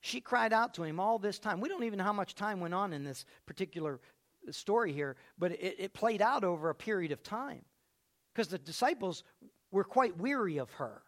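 A man with a notably high voice preaching a sermon. He tells his story in a rambling, conversational way, dropping low and quiet at times and then building up to loud, raised stretches. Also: animated, normal speed. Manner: storytelling, swings from hushed to loud.

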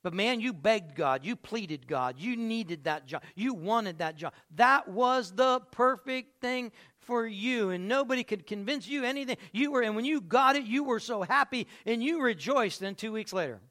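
A man preaching a lively sermon and calling out to listeners by name in a church. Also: sits high, normal speed, few pauses. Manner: animated, calls on listeners by name. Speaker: pastor.

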